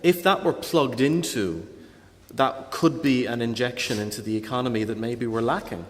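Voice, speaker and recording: A man's voice: medium pitch, normal speed, a little hiss or hum. A man hosting, putting a question to a guest, hesitant and restarting his phrases. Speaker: host. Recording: hall reverb.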